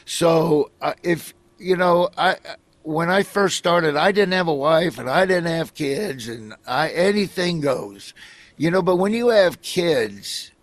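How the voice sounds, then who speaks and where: A man's voice: a little high, animated, takes it slowly, dry recording. A middle-aged man from Nebraska, a comedian telling rambling stories in a casual interview, acting out other people as he goes.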